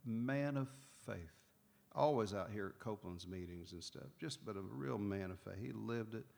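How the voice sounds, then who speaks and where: A man's voice: lowish voice, normal speed, a little mellow. A man, a pastor, telling a personal testimony as a story in a folksy, conversational way, repeating phrases for emphasis. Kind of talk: spoken testimony told as a story. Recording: long hall reverb with clear guitar music.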